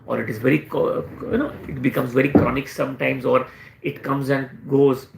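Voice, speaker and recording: A man's voice: medium pitch, flat delivery, normal speed, creaky, roomy sound, noisy background. A man with an Indian English accent, a homeopathic doctor answering questions and teaching in a live session, explaining with repeated emphasis.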